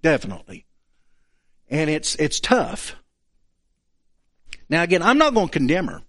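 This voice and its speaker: A man's voice: a little high, measured pace. A man preaching a sermon, acting out the quoted speakers as he goes. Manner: animated, acts out the quoted speakers.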